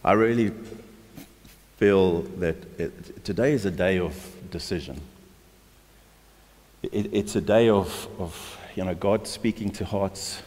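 A man's voice: low voice, slow, pauses often, darkish tone. A male pastor from South Africa preaching a sermon, emphatic and exhorting, often restarting his words. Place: church hall. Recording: long hall reverb.

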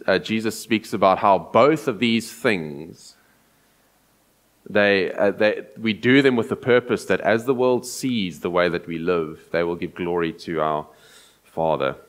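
A man preaching an earnest, explanatory sermon, often pausing and restarting as he thinks. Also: lowish voice, a bit bright.

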